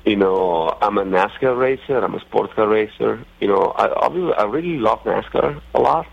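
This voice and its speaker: A middle-aged man with an Italian accent, talking as a guest in a radio interview, halting and full of fillers and restarts. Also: fairly low pitch, creaky, slightly rough. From Italy. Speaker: racing driver guest. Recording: muffled lo-fi radio sound.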